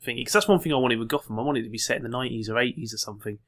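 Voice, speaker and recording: A man co-hosting a podcast, chatting casually in a quick, sarcastic way. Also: medium pitch, a bit bright. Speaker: podcast co-host. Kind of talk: casual review chat.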